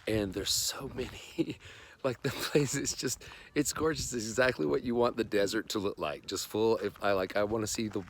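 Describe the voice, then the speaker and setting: A man's voice: lowish voice, normal speed. A man hosting a casual vlog outdoors in a desert park, talking in a chatty, enthusiastic, rambling way. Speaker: vlog host and touring singer.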